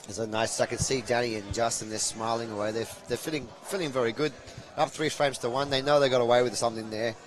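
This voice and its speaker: Male pool host, mid-pitched, chatty banter, live match commentary. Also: steady tone, quick pace. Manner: chatty, playful banter, gives shout-outs to viewers. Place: commentary box at a pool venue.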